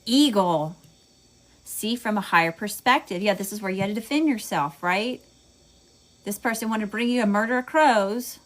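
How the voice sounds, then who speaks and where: In a slightly bright mid-range voice, a Southern woman gives a laid-back tarot reading for her audience. She's chatty, cusses freely, says y'all plenty and laughs at herself.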